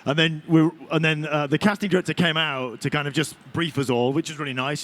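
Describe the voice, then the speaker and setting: Male actor at a convention panel, animated anecdote-teller, voice sits a little high. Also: fairly quick. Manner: animated, chatty storyteller. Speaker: voice and motion capture actor.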